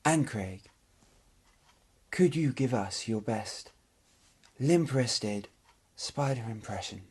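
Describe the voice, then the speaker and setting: A man playing a deadpan, husky TV reporter. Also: medium pitch, slow pace. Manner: deadpan mock-earnest questioning. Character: mock-serious male TV field reporter. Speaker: interviewer. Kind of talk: comedy sketch interview.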